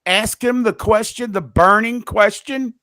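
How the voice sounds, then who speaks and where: A man with a somewhat high voice co-hosts a sports talk podcast, needling his partner with blunt, wisecracking asides. He sounds dry and close to the mic. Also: measured pace, sharp tone, dry recording. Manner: teasing, wisecracking, blunt and profane. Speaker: podcast co-host. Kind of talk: casual chat.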